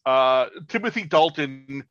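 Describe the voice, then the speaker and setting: A man's voice: medium pitch, lively intonation, a bit bright, no room sound. Blunt man, dull lo-fi podcast audio. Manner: halting, crude and blunt. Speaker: podcast co-host. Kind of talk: casual chat.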